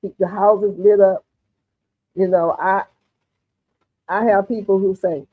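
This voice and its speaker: A woman's voice: mid-range voice, fairly even intonation, slow, pauses often, breathy edge, dry recording. A woman hosts a gardening livestream, chatting with viewers in a folksy way and calling them honey and darling. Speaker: gardening channel host. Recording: tinny phone-like audio, dry.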